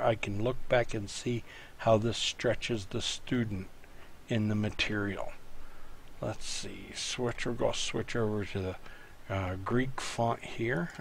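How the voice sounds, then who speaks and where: Slow, patient male tutor at his computer. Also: lowish voice, vocal fry, a little hiss or hum. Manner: slow, patient, talks the student through each step. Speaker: Greek teacher. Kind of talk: screen-recorded tutorial lesson.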